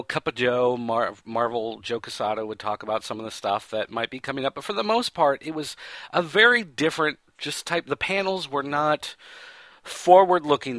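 A man hosting a pop-culture show talks through a casual, rambling recap, leaning on fillers and correcting himself as he goes. His voice is bright and forceful, set at a middle pitch for a man. The recording is dry, with no room around him. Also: no echo. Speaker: podcast host.

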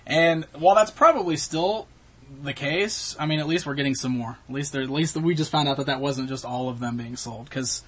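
A man's voice: on the high side, brisk, a bit bright, breathy edge. A man co-hosting a podcast, explaining at length in casual chat and laughing easily. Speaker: podcast co-host.

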